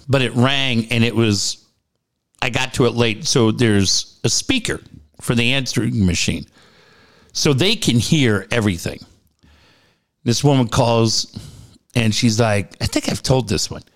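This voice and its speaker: A man's voice: mid-range voice, unhurried, pauses often. A middle-aged man telling a story in casual chat, jumping into the voices of the people he quotes.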